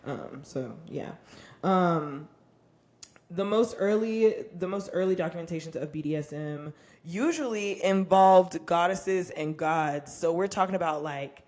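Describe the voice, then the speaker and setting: Brief: young woman, lowish voice, frank and profane podcast co-host, laughs easily. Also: measured pace, a little mellow. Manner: candid and profane, laughs often. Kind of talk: casual podcast chat.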